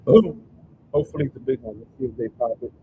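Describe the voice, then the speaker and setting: A man's voice: medium pitch, fairly even intonation, very fast, narrow, tinny audio, noisy background. A man reacting to videos on a live stream, casual and slangy with wry asides.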